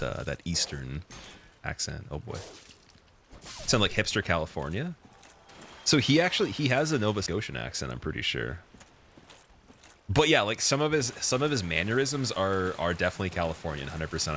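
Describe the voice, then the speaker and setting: A man's voice: low-pitched, sing-song, moderate pace, long pauses, a bit bright, slight background noise. A young man with a Canadian accent, chatting loosely on a gaming live stream, rambling with lots of fillers. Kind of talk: casual live-stream chat.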